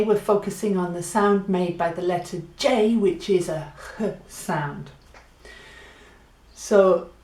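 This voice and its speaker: A woman gives a playful Spanish lesson and acts out laughs and animal sounds to make her points. She speaks unhurriedly at a middling pitch, and her voice rings in a roomy, echoing space. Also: a little mellow. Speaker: Spanish teacher. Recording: echoey room.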